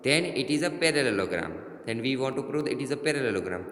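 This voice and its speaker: A man with an Indian English accent teaching a maths lesson, halting and repeating himself with many fillers. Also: mid-range voice, expressive, a bit bright. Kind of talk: classroom lesson. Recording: roomy echo, long reverb.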